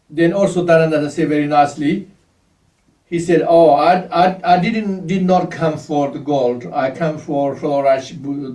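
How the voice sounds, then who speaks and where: A man whose first language is Tibetan gives a Buddhist teaching, speaking slowly and haltingly as he searches for English words. His voice sits a little high for a man. The room is echoey, and he stands some way from the mic. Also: darkish tone, recorded from a distance. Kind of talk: dharma teaching.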